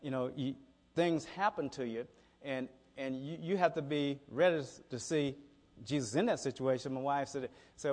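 A man's voice: medium pitch, moderate pace, darkish tone. A middle-aged man preaching a conversational sermon, telling stories in a folksy way and often repeating his words. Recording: reverberant hall.

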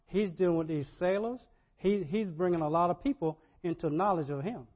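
A man preaching a sermon, animated, repeating words and rising to loud emphasis. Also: high-pitched, a little fast. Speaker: pastor. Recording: dull lo-fi sermon audio.

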